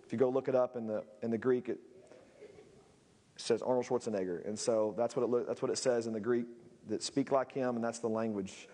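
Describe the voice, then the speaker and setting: A male pastor preaching a sermon, swinging between shouted peaks and low, quiet asides. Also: steady tone, brisk, long reverb tail.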